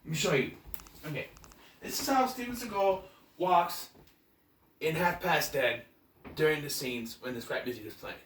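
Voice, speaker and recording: A young man chats his way through a movie review, sarcastic and loose. His voice is bright and fairly high, and it swings up and down a lot as he talks. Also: animated, moderate pace, long pauses, a little hiss or hum. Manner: chatty, sarcastic, clears throat. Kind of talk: casual video review.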